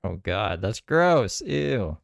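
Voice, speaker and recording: Gravelly-voiced man mocking a video. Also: fairly low pitch, big pitch swings, slow, no room sound, clean studio sound. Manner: mocking, laughing, crude jokes. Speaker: host reacting to video. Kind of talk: casual reaction commentary.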